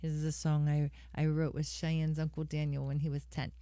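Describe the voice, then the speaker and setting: A woman's voice: sits low, little pitch movement, normal speed, mellow, no echo. A middle-aged woman hosting a live music stream, chatting casually with viewers and calling them by name. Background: guitar accompaniment.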